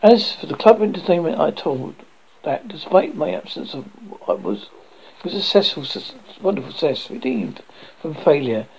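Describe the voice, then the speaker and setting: Man, horror host, ghost story reading, gravelly, rather high voice, stumbling restarts. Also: lively intonation, normal speed, a little hiss or hum, poor audio. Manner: stumbling, restarting reading with dramatic swings in loudness.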